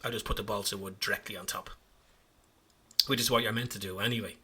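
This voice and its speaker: A man's voice: lowish voice, fairly even intonation, fast, pushed and bright, breathy edge. A man talking casually over his hobby footage in a chatty, self-mocking way, rambling as he explains each step. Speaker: hobby vlogger.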